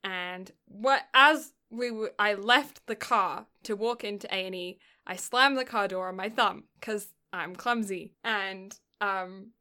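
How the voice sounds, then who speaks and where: A woman's voice: mid-range voice, slow, hardly any pauses, bright, forceful tone. A young woman in casual chat, telling stories in a rambling way and often laughing between words. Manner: rambling storyteller, often laughing mid-sentence.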